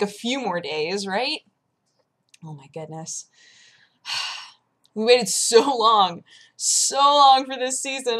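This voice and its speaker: A woman's voice: fairly high pitch, fairly bright tone. A young woman vlogger chatting casually and telling a story, acting out her own reactions as she goes. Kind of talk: casual chat.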